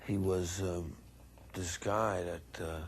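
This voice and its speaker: A low-voiced New man speaks bluntly and wryly, with faint background noise behind him. His voice sits deep in his chest. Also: fairly even intonation, slow pace. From New York. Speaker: interviewee.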